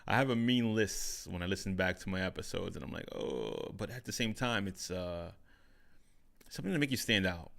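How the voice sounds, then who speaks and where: Deep gravelly man musing on his podcast. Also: expressive, moderate pace, a bit bright. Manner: reflective, repeats phrases, frequent "right?". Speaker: podcast host. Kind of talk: solo casual talk. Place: home studio with curtains behind. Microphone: studio microphone on overhead stand.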